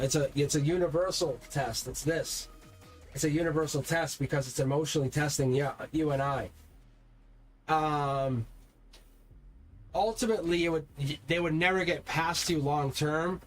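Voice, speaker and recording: Male tarot streamer, fairly high voice, rambling and heated, faint music underneath. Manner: talks straight to viewers, swears when heated; rambling, repeats words and restarts. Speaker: tarot reader. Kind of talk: live-stream tarot reading.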